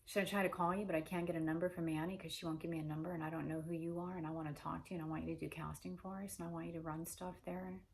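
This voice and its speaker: A woman's voice: low voice, level tone, racing, hardly any pauses, darkish tone. A woman talking alone in a rambling monologue, stringing run-on questions together with heavy swearing.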